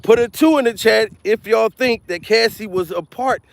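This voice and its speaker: A man doing a loud, profane comedic commentary vlog, repeating himself and laughing between rants. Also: high-pitched, moderate pace, gravelly, no echo. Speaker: comedian vlogger. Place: outdoors.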